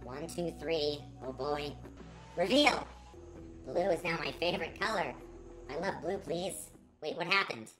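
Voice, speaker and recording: A woman's voice: sits low, unhurried, music in the background, poor audio. A woman hosting a let's play, commenting with theatrical, melodramatic mock outrage. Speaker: gaming channel host.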